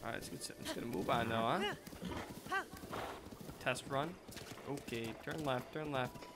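A man giving casual gameplay commentary, excitable, swearing playfully and talking to the game. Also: medium pitch, unhurried, heavy background noise. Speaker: let's play gamer.

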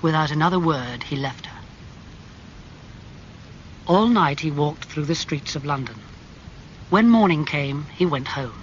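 A man narrating a classic novel as an audiobook, in a clear, measured storytelling manner. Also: fairly high pitch, animated. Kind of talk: audiobook reading of a graded classic. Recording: slightly muffled with faint hum.

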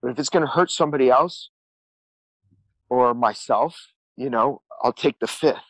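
A man's voice: medium pitch, normal speed, dry recording, poor audio. A man telling his life story as a podcast guest, earnest and rambling, repeating words and acting out what people said. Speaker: guest musician. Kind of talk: candid storytelling interview.

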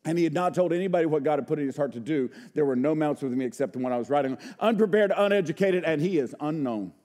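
High-voiced pastor preaching with call-and-response. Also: male voice. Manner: swings from hushed low asides to loud emphatic shouts; folksy, uses y'all and rhetorical questions. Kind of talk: sermon.

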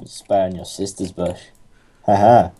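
A man's voice: deep voice, fairly even intonation, unhurried, warm tone, slight background noise. A young man playing a game with a friend, teasing and sarcastic in casual chat. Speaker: co-host gamer.

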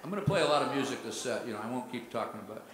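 A man's voice: medium pitch, expressive, racing. A man, a singer-songwriter, telling rambling stories on stage between songs at a live concert, with a loose, easygoing manner. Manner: laid-back rambling storyteller, says "man" a lot. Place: live music venue, heard from a hall. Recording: roomy live hall with long reverb.

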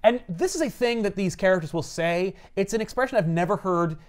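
A man co-hosting a casual comics chat, recapping a story and acting out the characters' lines. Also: sits high. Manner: animated, acts out characters' lines in quick voices. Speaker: comics podcast co-host.

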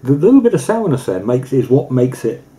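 A man co-hosting a casual e-liquid review, chatty and quick to laugh, often repeating words as he thinks. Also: medium pitch, sing-song, dark tone, a little hiss or hum, rough recording.

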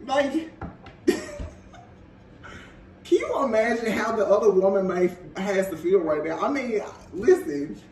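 A man with a high voice gives an animated, gossipy tarot reading and keeps breaking into laughter. His voice echoes around a roomy space. The mic sits some distance away and picks up a faint hiss. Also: slow pace, long pauses. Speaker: tarot reader. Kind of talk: casual tarot reading monologue.

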